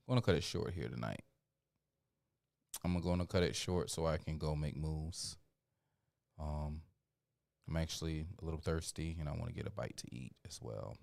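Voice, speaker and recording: Deep-voiced, tired livestream host. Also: male voice, vocal fry, no echo, studio quality. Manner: preachy build-up then laid-back rambling; many fillers and shout-outs. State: tired, yawning. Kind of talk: casual livestream sign-off.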